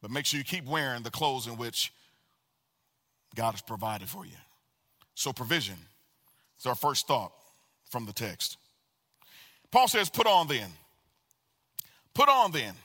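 A man preaching a sermon as pastor, animated and calling out to the congregation for responses. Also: medium pitch, a little slow, long pauses. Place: church sanctuary. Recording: long reverb of a large hall.

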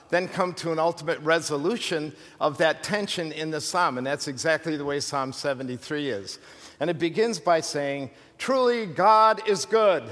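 A male pastor preaching an animated, emphatic sermon with rhetorical questions and humorous asides. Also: fairly high pitch. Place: church sanctuary. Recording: long hall reverb from a church.

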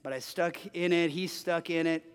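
A man in his forties, a pastor preaching a sermon, telling a personal story in an animated way, often restarting his sentences. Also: a little high, normal speed, clear, resonant tone. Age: 40s. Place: church sanctuary. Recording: long hall reverb.

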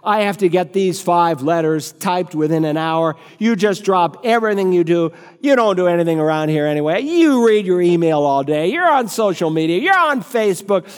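A man's voice: high voice, animated, normal speed, few pauses, clean tone, in a large hall. A man voicing a huffy, bossy female secretary who orders others about.

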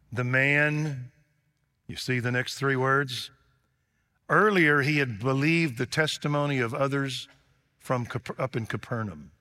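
A male preacher giving a sermon, animated, acting out both sides of a dialogue. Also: medium pitch. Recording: long hall reverb.

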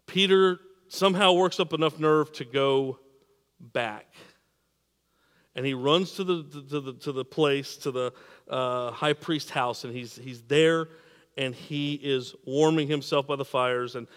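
A man preaching a sermon, repeating and restarting words, swinging between emphatic peaks and quiet drops. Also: medium pitch, measured pace, long reverb tail. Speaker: pastor.

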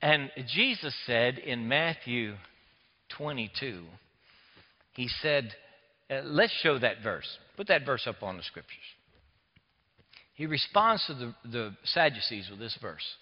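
A man, preaching a sermon as a pastor, swinging between hushed near-whispers and loud emphatic passages. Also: medium pitch, big pitch swings, slow pace, pauses often. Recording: echoey hall, dull lo-fi sound.

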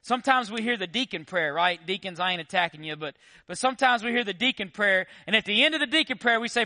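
A man preaching a sermon as pastor, animated and conversational, full of rhetorical questions. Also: high voice, quick pace, hardly any pauses, no room sound, clean studio sound.

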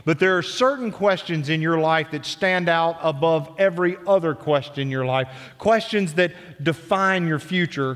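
A man's voice: a little high, a bit bright. A male pastor preaching a sermon in a church, earnest and building on repeated phrases. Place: church sanctuary. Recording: long church reverb.

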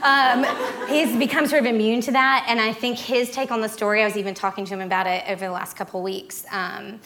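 Animated woman telling her story. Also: a little high, fairly quick. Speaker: guest speaker. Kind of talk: personal testimony.

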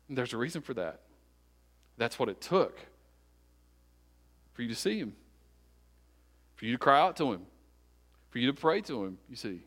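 A male pastor preaching. His delivery rises through loud repeated phrases and falls to hushed, deliberate words. His voice sits at an ordinary middle pitch for a man. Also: lively intonation. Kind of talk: sermon.

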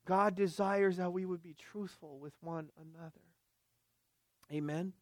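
Male pastor, high voice, dry close sound; emphatic preaching that swings loud and quiet, keeps asking the congregation questions. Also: steady tone, a little slow, no echo. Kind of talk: sermon.

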